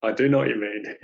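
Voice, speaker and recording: A man hosting a casual podcast chat, soft-spoken, agreeable and reflective. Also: medium pitch, gravelly, highs cut off. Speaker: podcast host.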